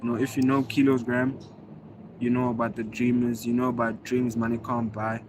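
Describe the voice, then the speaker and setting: This livestreaming vlogger, a native Zulu speaker from South Africa, reads comments and thanks viewers individually in an easygoing, slangy chat. His mid-range voice is flat and moves at a normal speed over background noise.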